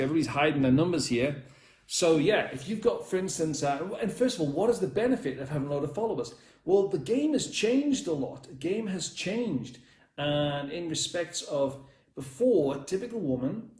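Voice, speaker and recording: Man, dating coach, blunt, rambling, swears, live-stream talk, slightly high voice. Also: darkish tone, reverberant.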